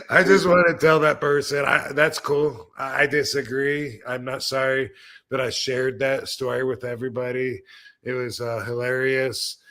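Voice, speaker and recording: A man's voice: mid-range voice, steady tone, measured pace, sharp tone. Blunt, rambling male stream host. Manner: rambling and blunt, with crude jokes and many fillers. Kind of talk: casual live-stream chat.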